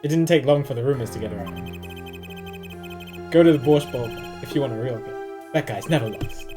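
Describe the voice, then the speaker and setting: A man's voice: mid-range voice, normal speed, over music, close to an everyday voice. A man reading the lines of a dry, wry male defense attorney from a video game, narrating in an understated way. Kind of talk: reading game dialogue aloud.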